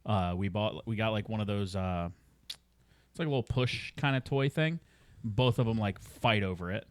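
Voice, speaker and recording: A man's voice: lowish voice, normal speed, smooth, no room sound. A young man co-hosting a podcast in laid-back casual chat. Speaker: podcast co-host.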